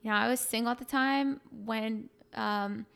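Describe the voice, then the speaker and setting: A woman's voice: a little high, fairly even intonation, moderate pace, vocal fry, fairly bright tone, clean tone. A young adult woman, a fitness coach and podcast guest, talking casually and openly, with many fillers. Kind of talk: casual emotional conversation.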